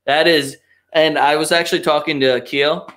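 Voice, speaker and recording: A young man hosts a loose soccer talk stream and rants with heavy swearing and strong opinions. His voice is bright and edgy and sits a little high. He often breaks into mocking impressions of other people. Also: steady tone, normal speed. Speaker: podcast host. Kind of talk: casual soccer chat, live stream.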